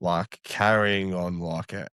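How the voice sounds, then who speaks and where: A man's voice: low voice, fairly even intonation, takes it slowly, fairly bright tone, clear, resonant tone, no room sound, studio quality. An Australian man on a podcast who chuckles often and cuts in with short quips. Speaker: podcast co-host. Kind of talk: casual chat.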